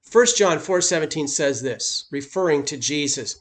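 A man's voice: on the high side, lively intonation, moderate pace. A man preaching a sermon as pastor, speaking emphatically and lifting his voice on key points.

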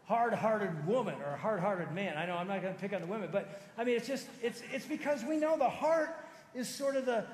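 A man in his fifties, a pastor preaching a sermon in a conversational, animated storytelling manner. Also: very high-pitched. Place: large church auditorium. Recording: echoey church hall with long reverb.

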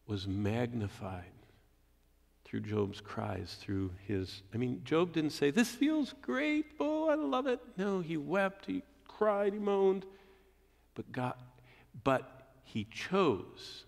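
A man preaching a sermon verse by verse, building to emphatic peaks and dropping low and quiet for weight. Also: gravelly. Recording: hall reverb.

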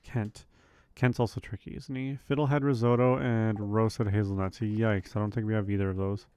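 A man's voice: fairly low pitch, little pitch movement, normal speed, a little mellow, clean tone, no echo. A man casually commenting on a farming game as he plays, thinking aloud with frequent ums and questions to himself. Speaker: let's play host.

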